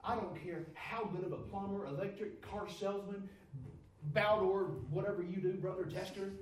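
A man preaching a sermon, moving from loud pleading prayer down to low, quiet speech. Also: steady tone, moderate pace, very echoey, far from the mic, poor audio.

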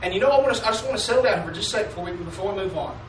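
High-voiced preacher in an echoey church. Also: male voice, animated, recorded from a distance, a little hiss or hum. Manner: preaching call-and-response, asking "Amen?"; drawls mock King James commandments slowly. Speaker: pastor. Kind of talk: sermon. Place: church sanctuary.

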